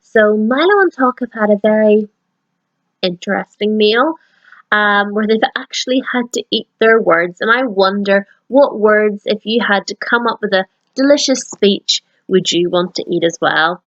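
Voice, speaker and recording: A woman's voice: mid-range voice, measured pace, muffled recording. Woman reading a children's book. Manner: warm teacherly address to children. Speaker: children's story reader.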